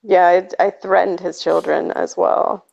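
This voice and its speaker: Young woman, fast animated storyteller with a gravelly edge; dull lo-fi stream sound. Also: fairly low pitch. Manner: animated storytelling, lots of "like", giggly. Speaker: stream co-host. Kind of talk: casual chat.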